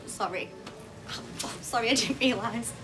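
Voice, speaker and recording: A woman's voice: fairly high pitch, moderate pace, over music, lightly acted. An actress playing a flustered businesswoman, hesitant and stumbling over her words. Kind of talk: TV soap drama acting.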